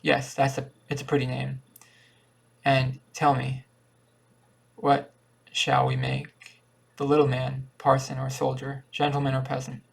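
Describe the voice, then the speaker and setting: Casting: man reading an earnest young mother, eager, husky and gravelly. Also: mid-range voice, completely flat delivery, unhurried, long pauses, exaggerated voice.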